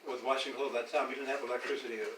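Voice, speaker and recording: A man's voice: medium pitch, steady tone, rapid-fire, background noise. An older man from the American South telling a family story casually, rambling and repeating words, often laughing as he talks. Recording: echoey room, distant mic, loud music behind.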